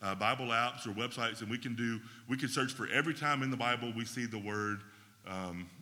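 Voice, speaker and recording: Bright-voiced man teaching in a hall. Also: mid-range voice, brisk. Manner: conversational, often checks in with "right?". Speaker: Bible teacher. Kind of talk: classroom teaching talk.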